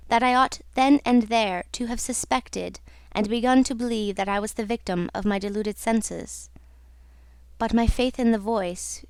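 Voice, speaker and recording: Woman voicing a young female opera singer, earnest, wistful, fairly high voice, dry close sound, storybook. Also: vocal fry, a little mellow, no room sound.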